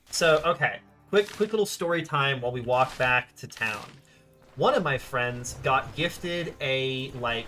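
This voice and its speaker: This man streams a game and rambles casually to his viewers while playing. His mid-range voice is bright and forceful, with slight background noise.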